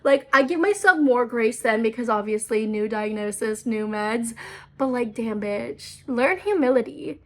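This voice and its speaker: A young woman in her twenties tells a story straight to camera in a casual, self-mocking ramble. Her voice sits a little high for a woman. She swears freely and leans on "like" as a filler between thoughts. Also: unhurried. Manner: chatty, profane, self-mocking, many "like" fillers. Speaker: storytime vlogger.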